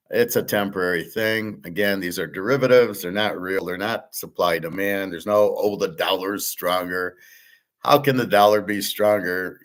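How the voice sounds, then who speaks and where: A middle-aged man with a fairly low voice holds forth in a casual monologue. He rambles bluntly, swears freely and often breaks off to restart a thought. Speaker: host. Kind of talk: casual monologue on money and markets.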